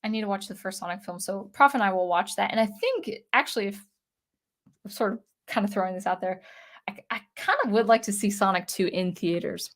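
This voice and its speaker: A woman's voice: medium pitch, brisk. A woman in her thirties hosting a casual live chat, her voice weak and phlegmy from allergies, rambling and often restarting her sentences. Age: 30s. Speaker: channel host reading live chat.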